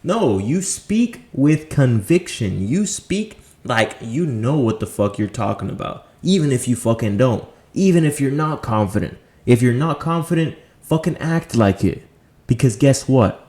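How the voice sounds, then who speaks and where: Male dating coach, mid-pitched, blunt and profane, preaches in punchy rhetorical bursts to camera. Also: very animated, measured pace, mellow. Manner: punchy emphatic delivery. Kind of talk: motivational monologue to camera.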